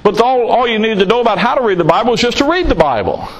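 A man's voice: high-pitched, big pitch swings, fast talker, rough recording. A man preaching a sermon in a blunt, folksy way, teasing his listeners and firing off rhetorical questions.

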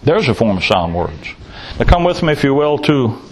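A man's voice: mid-range voice, sing-song, normal speed, a little mellow, a little hiss or hum, low-quality recording. A man preaching a sermon in a blunt, folksy way, teasing his listeners and firing off rhetorical questions.

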